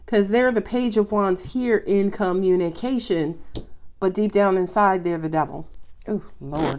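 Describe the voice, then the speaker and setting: A woman giving a casual, expressive tarot reading, chatting freely and exclaiming often. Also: medium pitch. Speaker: tarot reader.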